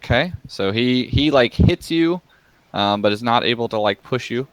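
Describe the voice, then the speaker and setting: A man's voice: mid-range voice, expressive, normal speed, smooth. A young man running a tabletop game as game master, talking casually with lots of fillers and frequent laughter.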